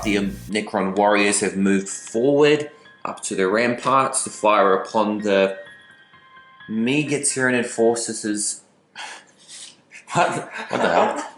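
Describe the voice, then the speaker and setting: A man's voice: fairly low pitch, a bit bright, reverberant. A man casually commentating a tabletop wargame battle, chatty with playful asides. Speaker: battle report host.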